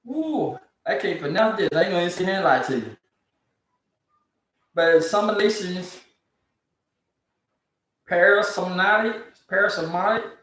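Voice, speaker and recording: A speaker, ranting disbelievingly about odd news stories in a casual comedic commentary. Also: mid-range voice. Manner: incredulous, ranting, laughs often. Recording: very echoey, from far off the mic.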